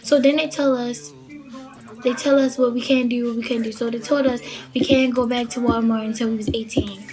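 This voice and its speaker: A woman's voice: on the high side, steady tone, brisk. A young woman from the Baltimore area casually telling a story, chatty and rambling with lots of fillers. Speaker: vlogger.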